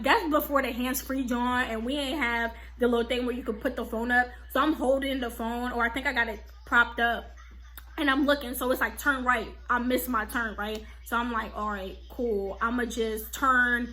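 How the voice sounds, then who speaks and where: A young woman vlogger telling a casual storytime, animated and slangy, full of "like" and "okay?". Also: on the high side, normal speed.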